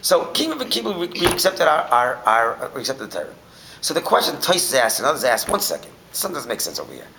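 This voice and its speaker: Animated, gravelly male Torah teacher. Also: medium pitch, fast, a little hiss or hum, low-quality recording. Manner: animated, swings from shouting to near whisper. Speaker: rabbi teaching a class. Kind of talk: Torah class with storytelling.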